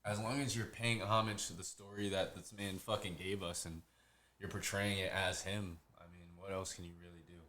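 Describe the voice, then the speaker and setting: A man's voice: low voice, level tone, brisk, sharp tone. A man co-hosting a casual podcast, blunt and profane, joking along. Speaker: podcast co-host.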